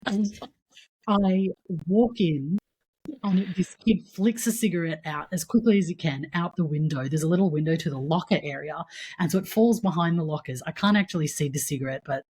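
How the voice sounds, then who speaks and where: Australian teacher guest in her 30s, husky lower voice, animated storyteller. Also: brisk. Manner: animated, swears casually. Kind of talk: casual storytelling.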